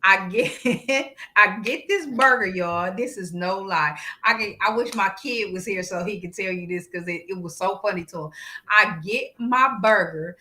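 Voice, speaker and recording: A woman co-hosting a casual talk show, telling a story in an animated way, laughing often and swearing freely. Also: mid-range voice, normal speed. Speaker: co-host.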